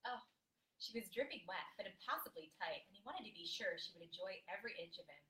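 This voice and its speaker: A woman's voice: fairly low pitch, quick pace, bright, forceful tone, recorded from a distance. A woman co-hosting a podcast, reading explicit fan fiction aloud and breaking off into laughing asides to her co-hosts. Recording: echoey room.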